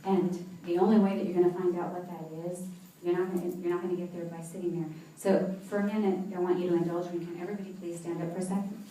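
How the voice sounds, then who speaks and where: A woman's voice: lowish voice, little pitch movement, fast, hardly any pauses, mellow, a little hiss or hum. A woman giving an inspirational talk to a live audience, telling personal stories and often laughing. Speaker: motivational speaker. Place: event hall with seated audience. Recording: echoey hall, voice from far off.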